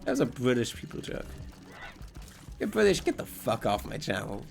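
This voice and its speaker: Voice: mid-range voice, huge pitch swings, moderate pace, creaky. A Twitch streamer giving casual live gameplay commentary, rambling and joking with plenty of swearing.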